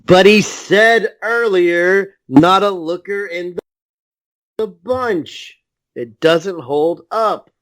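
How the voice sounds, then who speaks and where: A man's voice: sits high, slow pace, fairly bright tone, dry recording. A man co-hosting a podcast who chats casually and throws in sarcastic, jokey asides. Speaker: podcast co-host.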